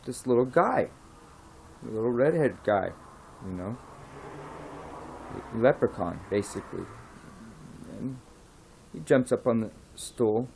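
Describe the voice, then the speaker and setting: A man's voice: fairly low pitch, a little hiss or hum. Rambling man telling a pub joke. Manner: rambling, many fillers and restarts, often soft-spoken. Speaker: joke teller.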